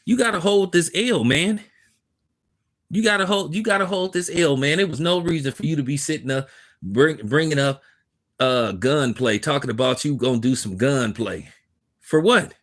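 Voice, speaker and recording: A man's voice: fairly high pitch, normal speed, a bit bright. A man giving emphatic, casual commentary, repeating himself for stress in street slang. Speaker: commentary host. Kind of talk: opinionated commentary.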